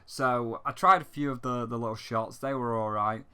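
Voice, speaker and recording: A man's voice: medium pitch, fairly even intonation, normal speed, sharp tone, smooth. A young man rambling through a casual vlog over gameplay, with lots of fillers. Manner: rambling, chatty, many fillers. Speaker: gaming YouTuber.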